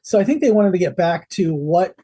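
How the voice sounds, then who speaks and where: A man's voice: sits high, animated, a little fast, mellow, husky. Rambling sarcastic male podcast co-host. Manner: rambling, sarcastic, many fillers. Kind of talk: casual podcast chat. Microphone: video call.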